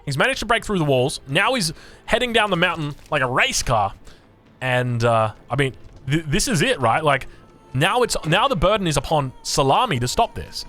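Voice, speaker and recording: A man with an Australian accent casting a strategy game match, excitable and rambling, with chatty asides. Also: fairly high pitch, moderate pace. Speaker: game commentator. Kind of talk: casual live strategy game commentary.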